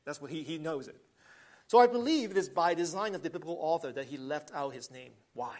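A man's voice: fairly high pitch, expressive, fairly quick, a little mellow. A man preaching a sermon, earnest, swelling with emphasis and often restarting phrases. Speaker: pastor.

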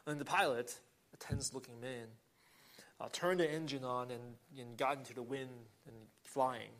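A man's voice: medium pitch, steady tone, normal speed, fairly bright tone. A man preaching a sermon, earnest, swelling with emphasis and often restarting phrases. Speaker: pastor.

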